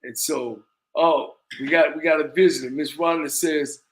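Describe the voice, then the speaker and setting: A man co-hosting a casual football picks chat, animated and repeating words as he talks. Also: on the high side, moderate pace.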